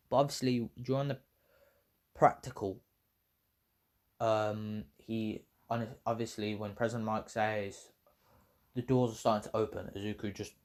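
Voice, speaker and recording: A man's voice: on the low side, a little mellow. A man casually telling a fan story, rambling, correcting himself and swearing freely.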